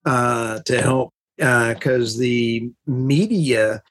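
Excitable rambling podcast host, husky voice. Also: female voice, rumbling low, very slow. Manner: excitable, rambling, laughs often. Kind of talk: casual podcast chat.

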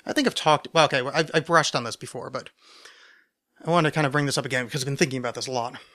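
A man's voice: medium pitch, steady tone, very fast, sharp tone. A man hosting a solo podcast, answering listener questions in a rambling, stammering, self-deprecating way, overcaffeinated. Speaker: podcast host.

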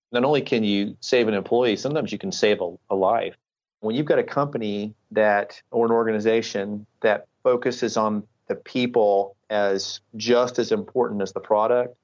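A middle-aged retired Air Force colonel answers questions as a podcast guest in a lowish, darkish voice, with the highs cut off. He earnestly explains ideas and backs them up with examples.

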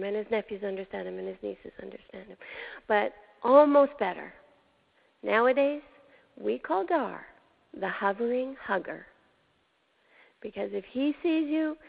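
Older woman, host, emotional storytelling, gravelly, tinny phone-like audio. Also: medium pitch. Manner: emotional, dramatic pauses, drops to hushed tones. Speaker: show host. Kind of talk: personal storytelling.

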